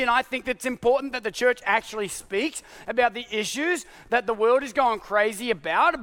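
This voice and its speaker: Animated high-voiced male pastor preaching. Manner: animated, confessional, swings from shouted exasperation to hushed. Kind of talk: sermon.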